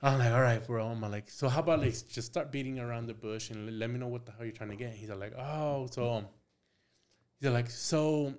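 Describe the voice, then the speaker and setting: A young man who does tattoos tells a story as a podcast guest, his medium-pitched voice a little mellow and his speed normal. He acts out both sides of the exchange, swears freely, and mixes in Spanish phrases.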